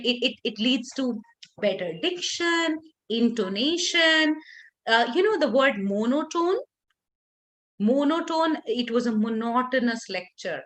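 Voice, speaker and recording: A woman leading a workshop for teachers, talking expressively with lively intonation and frequent restarts. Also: sits high. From India.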